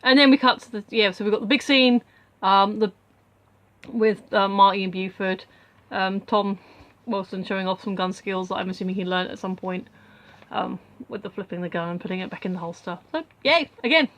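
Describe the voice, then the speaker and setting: A woman's voice: mid-range voice, fairly quick, a bit bright. Rambling woman recapping a film. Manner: rambling, with many fillers and asides. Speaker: film reviewer. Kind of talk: casual spoken film recap.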